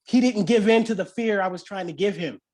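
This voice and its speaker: High-voiced man preaching a guest sermon. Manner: animated storytelling with acted-out quotes; slows to soft, low-voiced reflection. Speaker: guest speaker. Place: church service.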